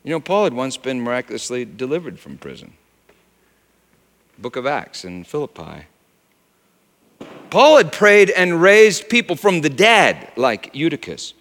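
A male pastor preaches in a high, lively voice that swings between loud questions and hushed low passages. He tells stories conversationally, tossing in asides and questions to the congregation. The sound carries the long reverb of a large sanctuary. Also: unhurried, pauses often. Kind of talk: sermon. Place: church sanctuary.

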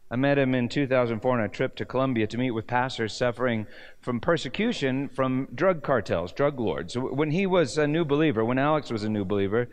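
Fiery preacher swinging from shouts to hush. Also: male voice. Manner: dramatic swings from near-shouts to hushed low tones; storytelling with rhetorical questions. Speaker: pastor. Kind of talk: sermon.

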